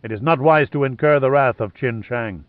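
A man's voice: medium pitch, normal speed, no room sound, voice pushed up, natural voice. A man reading a ruthless male henchman commander who gives stern, clipped orders. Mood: commanding. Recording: narrow phone-like sound.

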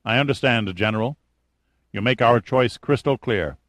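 A man's voice: mid-range voice, normal speed, fairly bright tone, no room sound, lightly acted. A man voicing a cocky, unflappable boat captain in an audiobook, teasing and confident. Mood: cavalier. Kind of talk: audiobook character voice.

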